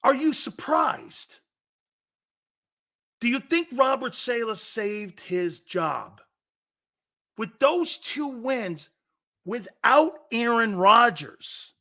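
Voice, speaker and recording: A man's voice: very high-pitched, sing-song, very slow, pauses often, pushed and bright. A middle-aged man hosting a sports talk show, chatting casually, laughing often mid-sentence and firing questions at his crew. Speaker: sports radio host.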